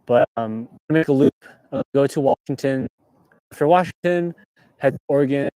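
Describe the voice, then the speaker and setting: A young man from California hosts a relaxed livestream from inside his parked car and talks back to viewers' comments as they come in. His voice sits at an ordinary middle pitch for a man. It is picked up by a clip-on mic with a close, dry sound and no room echo. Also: brisk, smooth. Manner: laid-back, reading viewer comments aloud. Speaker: livestream host. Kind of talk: casual livestream chat.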